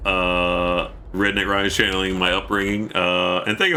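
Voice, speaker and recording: A man's voice: deep voice, little pitch movement, slow pace, sharp tone, slight background noise. A man chatting casually through a gameplay stream from home, keeping his voice down, thanking viewers and letting out sudden yelps.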